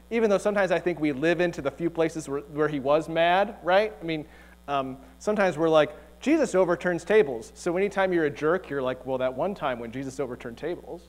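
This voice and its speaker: Man, pastor; relaxed, joking sermon delivery, slightly high-pitched, church setting. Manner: chatty, joking, asks rhetorical questions. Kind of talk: conversational sermon. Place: church sanctuary.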